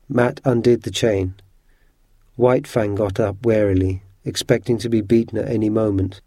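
A man reading a children's adventure story aloud in a steady, measured way. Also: on the low side, dry recording, clean studio sound. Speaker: narrator.

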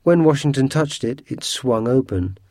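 A man narrating a storybook audiobook in a measured, unhurried way. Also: mid-range voice, animated, darkish tone, no room sound, clean studio sound.

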